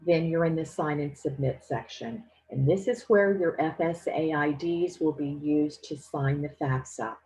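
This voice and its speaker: A woman giving a financial aid presentation, explaining each step clearly and patiently. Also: low-pitched, a little slow, few pauses, dark tone, rough recording. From Louisiana. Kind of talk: instructional presentation.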